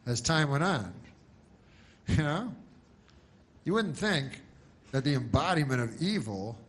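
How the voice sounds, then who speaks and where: A man doing stand-up in a flat, deadpan way. He wanders through his jokes with restarts and asides, never rushing the punchline. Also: mid-range voice, a little hiss or hum. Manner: deadpan, rambling, full of restarts. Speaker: stand-up comedian. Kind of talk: stand-up comedy.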